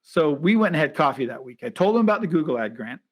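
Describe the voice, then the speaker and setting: Storytelling man with a higher voice. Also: quick pace. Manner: lively storyteller who acts out quoted voices. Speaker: podcast host. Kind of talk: casual storytelling chat.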